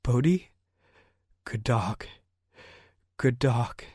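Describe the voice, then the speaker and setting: Teenage girl, as a male narrator puts her on, high and strained, fierce, grieving, audiobook. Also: unhurried, husky, dry recording, studio quality. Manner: raised pitch, pleading then shouting.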